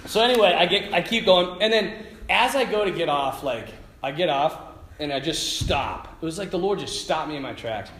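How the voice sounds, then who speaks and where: A priest giving a talk at a retreat, telling a story in an animated way, often laughing and acting out what people said. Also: male voice, fairly high pitch, normal speed, reverberant.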